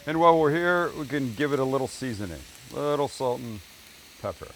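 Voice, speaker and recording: A middle-aged man hosts a cooking show in a relaxed, chatty way, explaining each step as he cooks. His voice sits at an ordinary male pitch, and he keeps it upbeat and jokey. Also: brisk, a little hiss or hum. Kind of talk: casual cooking demonstration.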